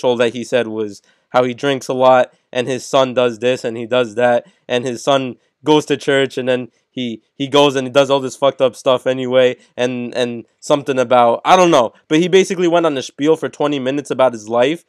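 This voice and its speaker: A man's voice: mid-range voice, clean tone, no echo, studio quality. A young man in casual live-stream podcast chat on a headset, telling stories in a rambling, swearing way, full of "like" and "bro". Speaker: podcast co-host. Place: home setup, live stream.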